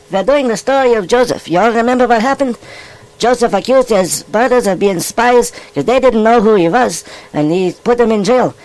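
A man doing a high-voiced furry animal rabbi. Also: darkish tone, poor audio. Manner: folksy, emphatic King James reading. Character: cheerful furry animal rabbi, male, folksy. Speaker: scripture reader. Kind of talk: puppet-style children's Bible reading.

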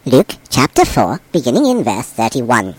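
A man reads scripture with a lively, rising and falling voice, giving the story colour. He sounds close and dry, with no room echo. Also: mid-range voice, moderate pace, breathy edge. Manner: expressive, voices the quoted speakers. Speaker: abbot reading scripture. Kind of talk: expressive scripture reading.

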